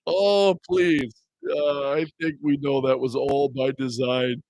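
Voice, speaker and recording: A man's voice: medium pitch, steady tone, takes it slowly, darkish tone, no echo, low-quality recording. A man hosting a talk radio show, reading items aloud and mocking them with a sarcastic tone and frequent laughter. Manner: sarcastic, laughs often, mocks what he reads. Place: radio studio. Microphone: studio microphone.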